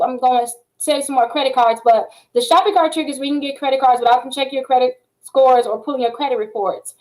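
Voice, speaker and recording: A woman hosting a casual credit repair livestream from a home setup, talking fast and chatting straight to her viewers. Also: high voice, a little mellow, rough recording. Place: home setup with multiple screens.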